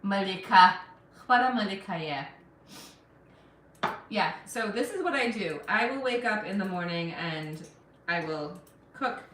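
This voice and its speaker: Slow-talking, bright-voiced woman in a roomy kitchen. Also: medium pitch, animated, recorded from a distance. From Afghanistan. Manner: chatty, reads out and answers viewer comments. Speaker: live-stream cooking host. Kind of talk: casual live-stream chat while cooking. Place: home kitchen. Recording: roomy kitchen sound, mic set back.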